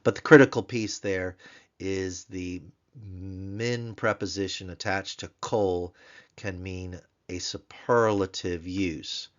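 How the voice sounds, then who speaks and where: A man teaching a grammar lesson in a recorded tutorial, explaining slowly and repeating words so learners can pronounce them. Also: low voice, steady tone, muffled recording. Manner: slow, careful, repeats Hebrew words to drill pronunciation.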